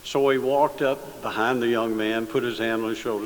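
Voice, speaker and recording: A man, a state senator telling an audience a joke story in an easygoing, halting way with many fillers. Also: mid-range voice, fairly even intonation. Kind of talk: folksy speech with a joke story. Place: large hall, addressing an audience. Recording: long hall reverb, faint hiss.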